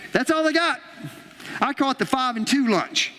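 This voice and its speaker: A male pastor delivers an energetic sermon, retelling a Bible story and slipping into the voices of its characters. His voice sits high for a man and carries a long reverb from a large church hall. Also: moderate pace. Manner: animated storytelling, acting out the characters' lines. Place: church auditorium.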